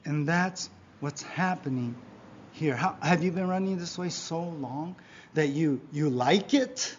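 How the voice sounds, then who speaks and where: A man preaching a sermon in church, emphatic, often asking his congregation "right?", swinging between loud exhortation and quiet asides. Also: fairly high pitch, measured pace, slight background noise. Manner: emphatic preaching, frequent rhetorical "right?" and "yeah?". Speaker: pastor. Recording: dull lo-fi recording.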